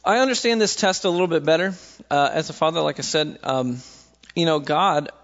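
A young man talks through faith and fatherhood in a relaxed, sermon-like style, slipping into little voices when he quotes people. His voice sits a bit high and has a gravelly edge. The recording sounds dull and lo-fi. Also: a little fast. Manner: conversational storytelling, acts out quotes with voices. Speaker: speaker sharing faith reflections. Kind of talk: casual sermon-style talk.

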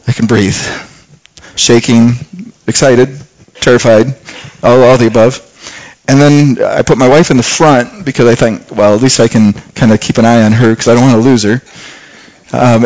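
In a roughly recorded sermon, a middle-aged pastor with a fairly high voice recounts a personal story full of restarts. His volume swells as he relives the danger, then softens as he reflects.

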